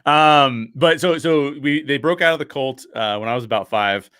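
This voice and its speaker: An animated man tells a personal story as a podcast guest, with restless fillers and restarts. He jumps into other people's voices as he quotes them. His voice sits mid-range and sounds dry and close, with no room around it. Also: medium pitch, normal speed, clear, resonant tone, no room sound. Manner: many fillers and restarts, frequent laughs. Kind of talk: casual interview storytelling.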